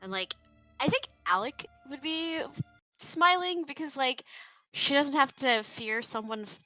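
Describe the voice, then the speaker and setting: A woman plays in a tabletop game, describing her character's actions casually. Her voice is high and very bright. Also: lively intonation, a little slow, faint music behind, rough recording. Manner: casual, says 'like' a lot. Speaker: player.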